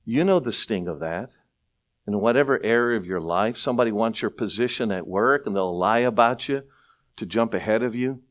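A middle-aged male pastor preaching a sermon, telling stories with lively acted-out voices and frequent laughter. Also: on the low side, normal speed. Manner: animated storytelling, acts out voices, laughs often.

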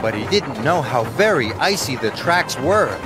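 Brief: male cartoon narrator, slow, lively storyteller, music under him. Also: medium pitch. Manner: slow, warm and expressive storytelling.

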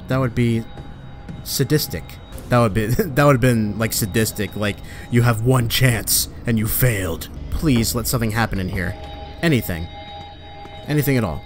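Male let's-play host, mid-range voice, foul-mouthed running commentary on a horror game, quick to panic and shout, soft music bed behind. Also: mid-range voice. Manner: profane, talks back at the game, bursts into loud panicked yelps.

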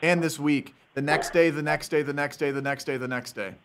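A man hosting a scam-baiting stream, taunting callers and getting fired up, with loud shouted bursts. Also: a little high, fairly even intonation, brisk, a little hiss or hum. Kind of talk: casual streamer talk.

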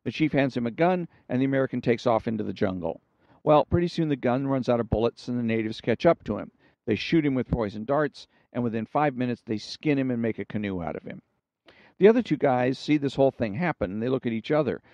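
A man hosting a storytelling show, telling jokes and anecdotes in a relaxed, conversational way. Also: medium pitch, a little fast, no room sound. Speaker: storyteller host. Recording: dull, dry recording.

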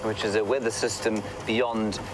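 A man's voice: lowish voice, flat delivery, normal speed. Male safari guide hosting a live drive, chatty and playful with viewers, outdoor vehicle noise behind him. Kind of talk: live commentary to online viewers. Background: vehicle and outdoor ambience.

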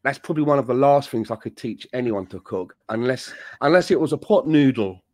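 Easygoing podcast co-host, dry sound. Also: male voice, medium pitch, lively intonation, fairly quick, darkish tone, dry recording. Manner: rambling, easygoing storytelling. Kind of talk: casual chat.

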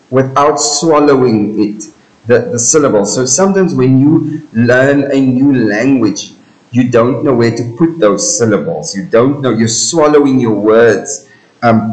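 A man's voice: medium pitch, a little mellow, poor audio. Man explaining a poem. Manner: slow, searching for words, rephrasing as he explains. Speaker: teacher.

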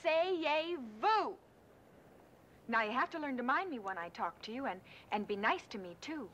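A gentle woman minding children. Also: on the high side, expressive, slight background noise. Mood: tender. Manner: gentle, hesitant, pausing with fillers; halting schoolbook French. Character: kind young woman minding two children. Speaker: film character caring for children. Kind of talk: film musical dialogue. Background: music.

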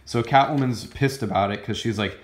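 A man's voice: mid-range voice, fairly quick, reverberant. A man casually reviewing a comic book, rambling and gushing with many fillers and restarts. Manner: excited, gushing.

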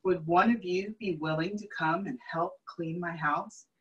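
A woman reading a children's storybook aloud and voicing a gentle, polite male hermit crab who asks others for help. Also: on the low side, unhurried, highs cut off, close to an everyday voice. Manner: polite, courteous asking.

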